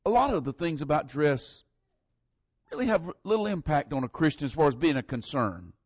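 A man's voice: on the high side, lively intonation, a little fast, darkish tone, husky, dry recording, muffled recording. A man from northern Florida with a Southern accent, preaching a folksy, conversational sermon and leaning hard on the scripture verses.

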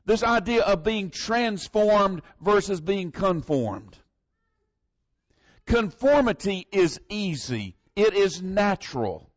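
A man's voice: sits high, sing-song, slow, no echo, lo-fi sound. A man from northern Florida with a Southern accent, preaching a folksy, conversational sermon and leaning hard on the scripture verses.

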